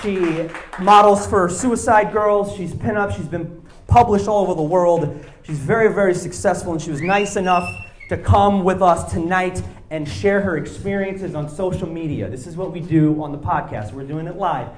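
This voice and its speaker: A male comedian performing live stand-up on stage, animated, dropping to low asides and then shouting punchlines. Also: normal speed, reverberant, slight background noise. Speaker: stand-up comedian and show host. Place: live stage before an audience.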